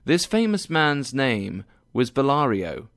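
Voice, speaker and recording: A man narrating a story in a slow, clear, deliberate reading style. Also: medium pitch, sing-song, a bit bright, dry recording, clean studio sound.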